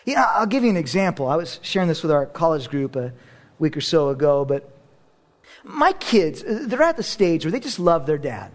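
A man in his thirties delivers a sermon as a pastor. His voice is highly animated and swoops up and down as he tells stories with self-deprecating humor. He drops suddenly to a near-hush for emphasis. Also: normal speed.

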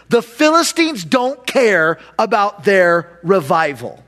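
Guest pastor, male, higher voice, lively sermon delivery with acted-out asides. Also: normal speed. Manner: animated, acts out inner voices with big swings in pitch and volume.

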